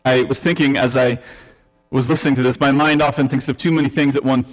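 A man's voice: medium pitch, fairly even intonation, quick pace. Man preaching in a reverberant church. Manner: teaching, emphatic, with self-deprecating asides. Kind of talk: sermon. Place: church sanctuary. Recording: long reverb of a church hall.

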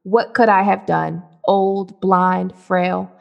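A woman reading the lines of an ancient, blind male scholar who is weary and grieving, in a slow, sorrowful way. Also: fairly low pitch, flat delivery, gravelly, full character voice.

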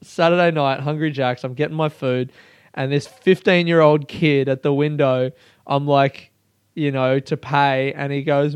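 A man tells a personal story in a loose, animated monologue, swearing freely. His voice sits a little high and stays smooth and clear. The recording is close and dry. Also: a little slow, no room sound. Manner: animated and profane, with frequent laughter. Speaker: solo storyteller.

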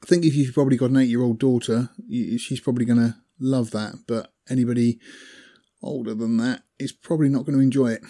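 A man's voice: mid-range voice, fairly even intonation, fast talker, warm tone. A man chatting casually about films he has watched, rambling with fillers and small laughs. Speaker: film reviewer. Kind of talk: casual film chat.

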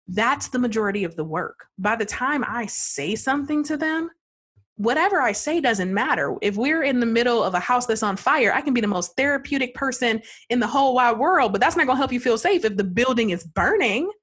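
Breathy, expressive woman therapist. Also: a little high, a little fast. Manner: expressive storyteller, acts out client voices, laughs often. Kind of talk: podcast conversation.

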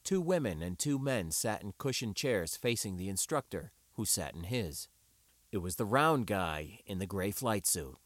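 A man narrating an audiobook with a wry, expressive reading. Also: fairly low pitch, normal speed, no echo.

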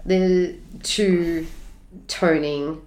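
An Australian woman co-hosting a podcast in casual chat, talking excitedly with her words running together. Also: on the low side, very slow, roomy sound. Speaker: podcast co-host.

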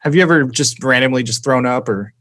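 A man's voice: mid-range voice, brisk, a bit bright, slight background noise. A young man chatting casually and playfully, asking joking questions. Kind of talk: casual chat.

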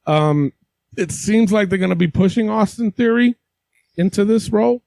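High animated guy with a gravelly edge, rambling wrestling chat, dry mic. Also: dry recording. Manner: rambling, profane, quick to laugh. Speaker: podcast co-host.

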